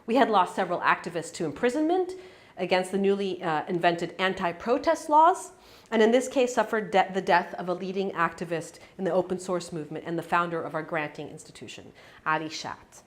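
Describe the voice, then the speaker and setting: A woman's voice: lowish voice, expressive, a little fast. A woman giving a conversational academic talk in a lecture room, with frequent fillers and restarts. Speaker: academic speaker. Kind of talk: conference talk.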